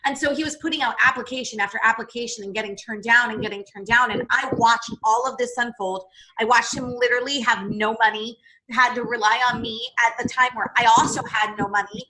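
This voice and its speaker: A woman's voice: a little high, steady tone, brisk, bright, forceful tone, slight background noise, poor audio. A woman guest on a podcast, talking candidly and emphatically, quoting herself and swearing freely. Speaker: podcast guest, business coach.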